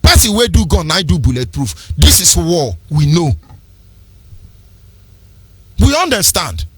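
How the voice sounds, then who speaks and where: A man's voice: on the high side, big pitch swings, measured pace, slightly rough, dry recording. A man with a Nigerian accent hosting a fiery political radio commentary, ranting in an impassioned, preachy sing-song. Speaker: radio host.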